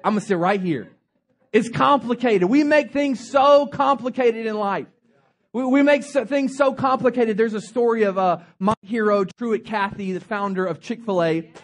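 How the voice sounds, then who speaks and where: A young man preaching a sermon as pastor, telling stories in a humorous, animated way. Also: extremely high pitch, moderate pace. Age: young adult.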